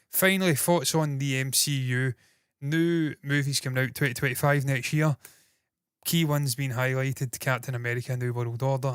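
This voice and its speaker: A man's voice: medium pitch, smooth, no echo, clean studio sound. Rambling, swearing male stream host. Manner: rambling, profane and self-deprecating. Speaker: entertainment news host. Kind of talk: casual solo livestream commentary.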